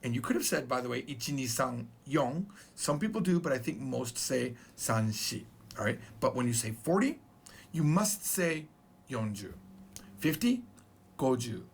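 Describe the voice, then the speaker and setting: Playful man with a gravelly voice. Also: mid-range voice, sing-song, normal speed, slight background noise. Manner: playful, joking, chatty. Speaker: Japanese teacher. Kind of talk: casual video lesson.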